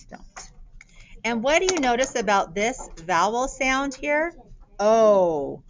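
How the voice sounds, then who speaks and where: A woman teaching a spelling lesson to young children, sounding out letters and words slowly and clearly. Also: mid-range voice, sing-song. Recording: dull lo-fi recording.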